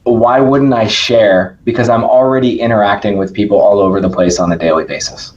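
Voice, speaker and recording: A man talking as a podcast guest in casual conversation, energetic and emphatic, often checking in with "right?". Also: on the low side, fairly quick, muffled recording.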